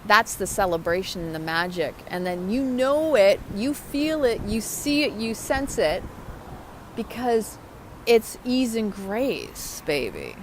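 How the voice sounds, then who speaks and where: A woman's voice: medium pitch, expressive, a little slow, slight background noise. A woman talking to her viewers in a motivational vlog, upbeat and chatty. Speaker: vlogger. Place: outdoors.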